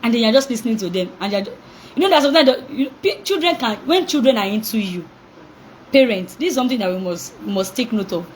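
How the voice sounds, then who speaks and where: A young woman coaching parents in an animated talk, acting out reactions, laughing often and asking call-and-response questions. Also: fairly high pitch, fast talker, a little hiss or hum, poor audio.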